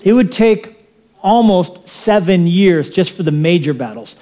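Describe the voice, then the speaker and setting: A man preaching a sermon in an animated, conversational way, with casual asides to the congregation. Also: sits high, unhurried. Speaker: pastor.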